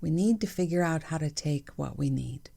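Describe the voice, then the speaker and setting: A woman hosting her own podcast, talking candidly and reflectively in a chatty way with soft laughs. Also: deep voice, expressive, normal speed, vocal fry. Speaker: podcast host. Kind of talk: reflective solo podcast monologue.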